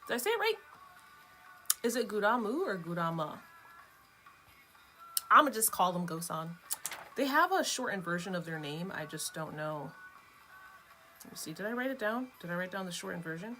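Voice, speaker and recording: A woman's voice: medium pitch, big pitch swings, normal speed, long pauses, pushed and bright, soft background music. A woman hosting her own vlog, chatting casually in a rambling, chatty way and laughing between thoughts. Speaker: vlogger host. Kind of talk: casual chat.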